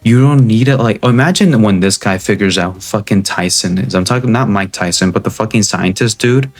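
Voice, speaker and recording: A young man with a low voice rants about gaming in a blunt, cursing, rambling way. He keeps checking in with "right?" as he goes, talking straight to his viewers. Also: brisk, faint music behind. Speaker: gaming video creator. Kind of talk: casual gaming rant.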